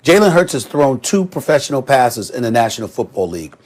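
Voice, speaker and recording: A man's voice: medium pitch, sing-song, a little fast, darkish tone. A man arguing emphatically in a studio sports debate, pressing rhetorical questions.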